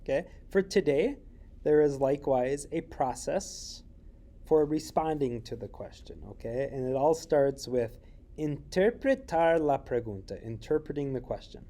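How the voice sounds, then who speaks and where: A man teaches a recorded Spanish lesson, walking through each point with frequent fillers and checking questions. His delivery is slow and deliberate. The voice is mellow and dark. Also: a little high, expressive.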